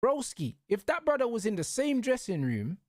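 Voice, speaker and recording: A man's voice: high voice, wildly swooping pitch, moderate pace, a little mellow, no room sound, studio quality. A young man, hosting and ranting casually about football in heated, repetitive street slang. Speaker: show host.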